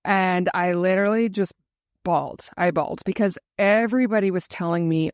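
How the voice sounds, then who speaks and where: A woman's voice: fairly low pitch, fairly even intonation, normal speed, no echo, studio quality. A woman guest telling her own story in an interview, earnest and reflective. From Canada. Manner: earnest, emotional, reflective retelling.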